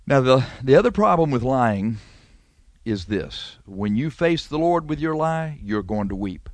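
A man's voice: sing-song, unhurried, no room sound. Fervent male radio preacher, dry sound. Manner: fervent, repetitive preaching with sudden rises in pitch and volume. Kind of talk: radio sermon.

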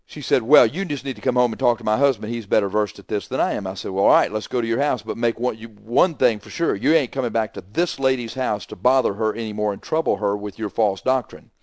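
A man delivers a radio sermon as a pastor, telling a story of a doctrinal dispute with mounting emphasis. His speech is plain and forceful, recorded close and dry with no room sound. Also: medium pitch, fast talker, few pauses, dry recording. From Texas. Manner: emphatic, retells arguments with rising heat.

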